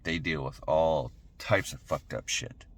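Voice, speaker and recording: A man's voice: a bass voice, unhurried. A man giving an emphatic motivational monologue, blunt and casual, swearing now and then. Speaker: motivational speaker.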